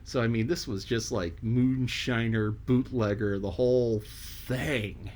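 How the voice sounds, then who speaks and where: A man's voice: mid-range voice, fairly even intonation, unhurried, a little mellow, slight background noise. A man reading a classic novel aloud as an audiobook reader, then rambling casually with lots of fillers. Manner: loose, rambling asides full of fillers.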